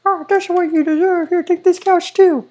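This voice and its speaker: A woman's voice: extremely high pitch, fairly even intonation, moderate pace, a little mellow. A woman voicing a small, bratty male cartoon ink demon who rambles and threatens in a goofy game machinima.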